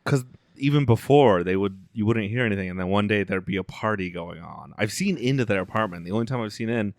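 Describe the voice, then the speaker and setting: A man's voice: lowish voice, fast, no echo. A man co-hosting a podcast in casual chat, rambling and hesitant, chuckling through his questions. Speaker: podcast co-host.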